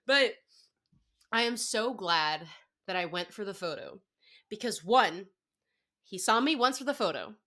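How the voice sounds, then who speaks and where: A young adult woman chats as a podcast guest, her voice bright and clear. She talks at an ordinary pitch for a woman. She tells her story in an excited, gushing way and keeps dropping "like" between phrases. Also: unhurried, pauses often. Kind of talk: casual chat.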